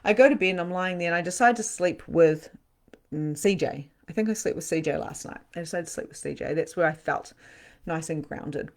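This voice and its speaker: A woman hosting a live online spiritual session, telling stories in a casual, animated way. She laughs often, swears for emphasis and acts out scenes, then turns quiet when she speaks of loss. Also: fairly low pitch, brisk. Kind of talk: casual storytelling to a live audience.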